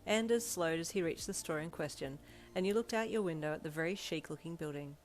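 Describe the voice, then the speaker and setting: A woman narrating an audio fanfiction, bubbly in her intro and steady in the story. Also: deep voice, fairly quick. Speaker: fanfiction reader. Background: faint backing music.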